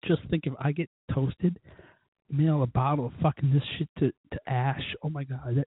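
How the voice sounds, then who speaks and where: A man's voice: mid-range voice, fairly even intonation, moderate pace, dry recording. A drunk man hosting a podcast, rambling profanely through stories with quoted asides. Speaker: podcast host. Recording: tinny phone-like line, husky voice.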